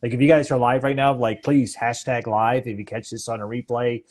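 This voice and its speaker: A man hosts a casual live-stream interview with a mellow, warm tone. He is upbeat and affirming, tosses in little words of agreement and talks straight to his viewers. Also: medium pitch, little pitch movement, fairly quick. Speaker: host of a faith-based business live show.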